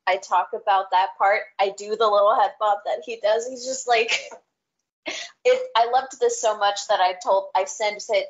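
A woman guest on a podcast, chatting casually over a video call, animated and laughing as she acts out scenes. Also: medium pitch, moderate pace, highs cut off, slight background noise. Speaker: returning guest.

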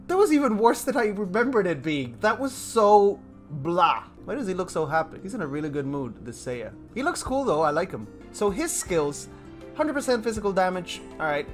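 Colombian guy streaming a game, chatty and excitable, makes fun of himself, soft game music under him. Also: high-pitched. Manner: excitable, chatty, self-mocking, talks to chat. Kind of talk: casual live-stream gameplay commentary. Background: faint game music.

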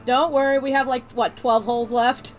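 A woman streaming a golf game with friends, excitable, laughing and swearing loudly. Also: sits high, normal speed, soft background music. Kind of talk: casual gaming chat with friends.

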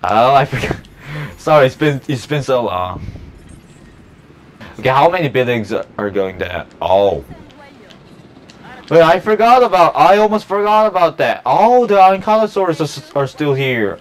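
A man giving casual let's play commentary on a park-building game, chatty and excitable, talking to the dinosaurs and laughing often. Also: medium pitch, measured pace. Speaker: gameplay YouTuber.

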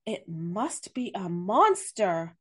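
A woman voicing a jittery male pig who yells in panic while reading a picture book aloud. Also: medium pitch, sing-song, slow pace, husky, full character voice. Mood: panicky. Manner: yelling, panicky.

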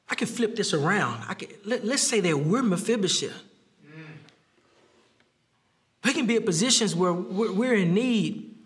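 Male pastor, very high and bright voice, lively preaching style with frequent laughter. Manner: animated preaching with laughs and repeated phrases; acts out quoted speech with rising pitch. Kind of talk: sermon.

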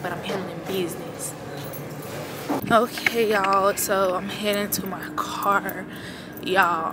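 A young woman talks straight to her handheld camera in a loose, chatty vlog. She keeps calling her viewers y'all, at an everyday middle pitch. Loud background noise runs under her voice the whole time. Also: moderate pace, pauses often. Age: young adult. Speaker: college student vlogger. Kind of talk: casual vlog narration to camera.

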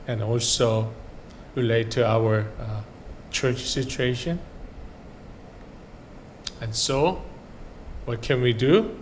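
A male pastor delivers a sermon in a slow, deliberate cadence at an ordinary middle pitch. His phrases often fade to a quiet close. A faint hiss of background noise sits under the recording. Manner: slow, earnest preaching with soft trailing phrase endings. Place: church sanctuary.

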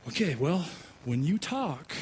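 A male pastor preaching a sermon, telling a personal story with animated delivery and frequent stammered restarts. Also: a little high, measured pace, a little hiss or hum, rough recording. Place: church sanctuary.

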